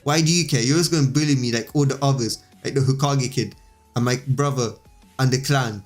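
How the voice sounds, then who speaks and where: A man reading a lonely, bullied young girl, a little higher than his own voice. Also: a little fast, soft background music, lightly acted. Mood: sad.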